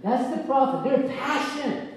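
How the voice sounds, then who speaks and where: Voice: high-pitched, lively intonation, moderate pace, slight background noise. A preacher giving an informal sermon who tells stories and acts out the characters in them. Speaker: preacher teaching on spiritual gifts. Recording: echoey hall, distant mic.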